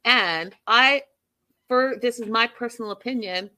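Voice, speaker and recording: A woman casually recapping a reality show, telling the story in an animated, opinionated way. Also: a little high, measured pace.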